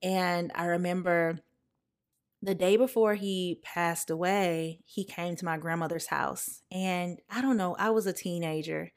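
A woman's voice: fairly low pitch, steady tone, a little slow. A young woman hosting a podcast, talking casually and emotionally to her listeners, calling them y'all. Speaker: podcast host. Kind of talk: casual personal podcast talk.

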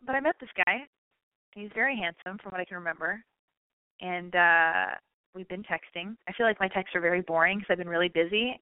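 A woman's voice: mid-range voice, no echo. Rambling American woman with a slight lisp, tinny sound. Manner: rambling, self-deprecating, swears freely. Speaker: podcast host. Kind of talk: casual monologue.

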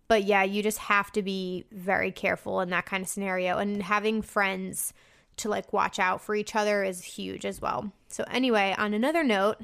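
Chatty young woman host, smooth clear voice. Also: mid-range voice, flat delivery, moderate pace, a bit bright. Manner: chatty, frank, swears freely, many likes and fillers. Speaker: podcast host reading listener emails. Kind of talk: casual podcast chat.

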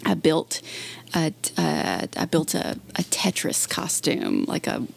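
A woman's voice: low voice, wildly swooping pitch, takes it slowly, vocal fry. A woman comedian telling stories in a casual interview, chatty and laughing often. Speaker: comedian guest.

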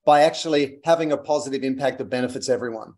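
A man's voice: medium pitch, fast talker, a little mellow. An upbeat, jokey man in his forties from Australia with an Australian accent, a guest on a podcast. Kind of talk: casual interview chat.

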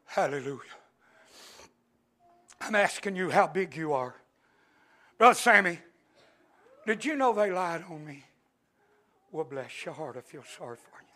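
A male preacher delivering an impassioned sermon, dropping to a hush and then shouting, with frequent amens. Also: fairly high pitch, very animated, a little slow, pauses often. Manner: impassioned, swings between hushed and shouting, peppered with amens. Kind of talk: Pentecostal-style sermon.

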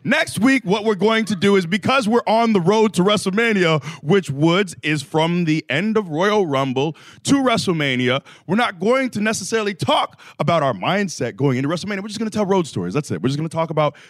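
Fast-talking, impatient podcast co-host. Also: male voice, high voice, expressive, dry recording, clean studio sound. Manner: impatient, pushing for answers. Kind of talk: casual chat.

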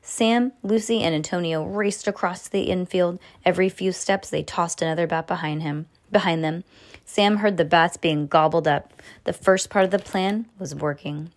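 A woman reading a children's adventure book aloud at home, with lively, expressive reading and occasional stumbles she corrects herself. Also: normal speed. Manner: expressive read-aloud with pitch jumps for dialogue; casual asides about the book. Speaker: reader.

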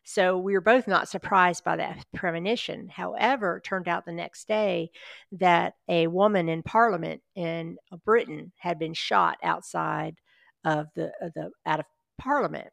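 A woman guest, a paranormal investigator, chatting in a relaxed interview and telling personal stories with easy laughs. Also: lowish voice, a little slow, vocal fry, dry recording. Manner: chatty, anecdotal storyteller who laughs along. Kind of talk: casual storytelling interview.

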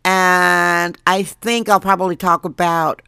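Hoarse woman, slow and dry. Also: on the low side, fairly even intonation, pushed and bright, no echo. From Wisconsin, USA. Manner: chatty, jokey, laughs at herself. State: hoarse, lost voice. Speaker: podcast host. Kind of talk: casual solo monologue.

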